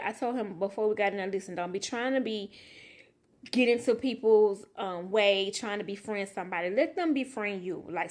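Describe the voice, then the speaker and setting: Woman, casual storyteller, animated, acts out each quoted line. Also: mid-range voice. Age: adult. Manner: animated, emotional retelling with quoted dialogue. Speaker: vlogger, mother.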